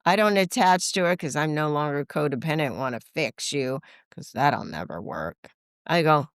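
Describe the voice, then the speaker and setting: With a low-pitched, smooth voice at a moderate pace, a woman in her sixties guests on a podcast and tells lively, casual stories. She voices the quoted dialogue herself and drops "like" often. The audio is studio quality without any room sound.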